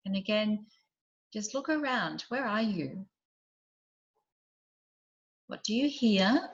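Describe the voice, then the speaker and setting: A woman leads an online group session and talks her listeners through a guided visualization. Her voice sits at a middle pitch and often drops soft and quiet between gentle questions. The audio is slightly dull and lo-fi. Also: expressive, takes it slowly. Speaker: program facilitator.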